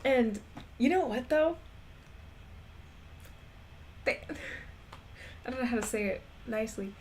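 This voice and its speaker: A woman's voice: on the high side, animated, slow pace, darkish tone. A woman streamer chatting casually while gaming, rambling and laughing often. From Texas.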